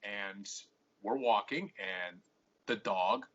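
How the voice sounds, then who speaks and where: A man's voice: lowish voice, takes it slowly, fairly bright tone. A man hosting a podcast, telling a rambling story full of swearing and acting out both sides of each argument. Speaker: podcast host. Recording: muffled lo-fi podcast audio.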